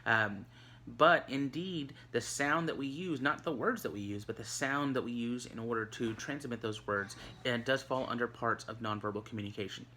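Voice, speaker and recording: A man teaches a recorded lesson in a bright, ringing voice. He speaks casually, with plenty of "um"s and restarts, like he is chatting with students. A faint ambient noise sits under the recording. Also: medium pitch, moderate pace. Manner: conversational, many fillers and restarts. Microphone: recorded for an online video.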